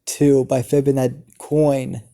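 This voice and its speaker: A psychotic male clown villain cackles and taunts in a slow, unhurried drawl, his voice dark and mellow, a man acting him out. It comes from a homemade fan story, told plainly. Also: mid-range voice, little pitch movement. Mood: taunting.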